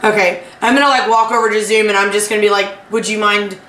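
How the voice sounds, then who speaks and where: Bright-voiced woman narrating her character's actions. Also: mid-range voice, fairly even intonation. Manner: casual, halting, narrates her actions with many fillers. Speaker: player. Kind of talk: tabletop role-play chat. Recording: echoey room, mic at a distance.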